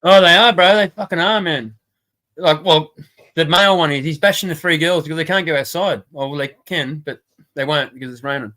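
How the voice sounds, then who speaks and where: A man's voice: fairly high pitch, brisk, sharp tone. A man hosting a casual livestream chat, rambling, swearing and laughing often. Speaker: stream host.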